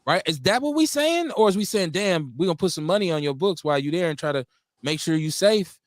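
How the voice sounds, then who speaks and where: A man with a Milwaukee accent hosting a casual radio talk show, animated and profane, often acting out quotes in mock voices. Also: high-pitched, fast talker, dry recording, studio quality. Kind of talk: casual call-in radio chat.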